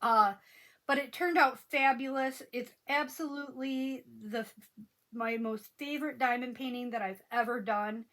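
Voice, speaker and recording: A woman's voice: on the high side, steady tone, a little slow, a bit bright. A woman hosting a crafting channel, chatting casually and rambling with many ums while she works.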